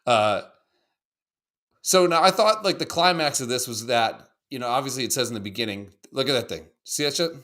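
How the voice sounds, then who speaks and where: A man co-hosting a podcast, chatting casually about videos in a profane, excitable, rambling way. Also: medium pitch, a little fast. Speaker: podcast co-host. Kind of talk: casual chat reacting to videos.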